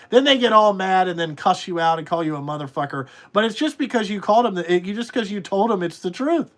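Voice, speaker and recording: A man's voice: high-pitched, animated, quick pace, hardly any pauses, fairly bright tone. A man who runs a trucking business, talking in a blunt, rambling way and swearing freely in casual podcast conversation. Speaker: trucking company owner.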